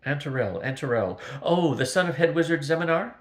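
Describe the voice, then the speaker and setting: An older man voicing an absent-minded, fussy male wizard scholar in a storybook reading, raised and lively, in a roomy recording. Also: a little high, fairly quick, pitched above the performer's own voice, lightly acted. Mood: distracted.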